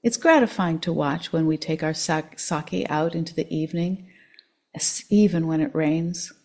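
A woman's voice: low-pitched, moderate pace. A woman doing a cheerful, chatty little old man. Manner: gentle, chatty, delighted. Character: cheerful tiny old man in his seventies.

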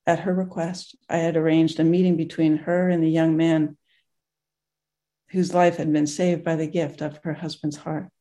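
A group teacher reading a moving story aloud in a gentle way, with pauses and restarts. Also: medium pitch, flat delivery.

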